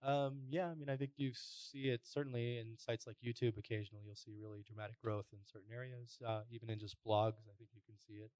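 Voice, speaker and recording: A man's voice: mid-range voice, fast, few pauses, smooth, dry recording. A man moderating a conference panel, talking things through with frequent fillers. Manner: relaxed, thinking aloud with fillers.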